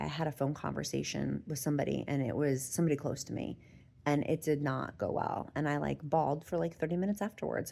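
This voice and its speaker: A woman's voice: deep voice, vocal fry, mellow. A middle-aged woman vlogger talking casually and candidly to her viewers, chatty and emotional. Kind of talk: casual talk to camera.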